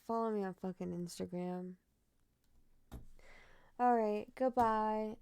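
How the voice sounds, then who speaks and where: A woman's voice: mid-range voice, slow pace, darkish tone, clean tone, no echo. A woman telling true crime stories who rambles candidly and swears freely as she signs off casually. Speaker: true crime storyteller and streamer. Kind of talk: casual sign-off chat.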